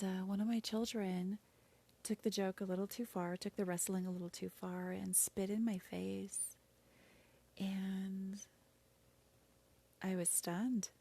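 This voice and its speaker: Woman telling her own story, halting and emotional, gravelly dark voice, drops to whispers. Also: medium pitch. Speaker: podcast host sharing her story. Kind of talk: personal storytelling.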